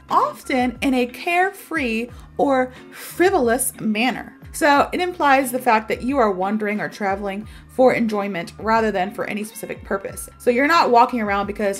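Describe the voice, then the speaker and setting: Lady in her 30s teaching english, chatty and animated, kinda high voice, faint music in the background. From American South. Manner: chatty, animated storytelling with many fillers. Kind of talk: casual video lesson.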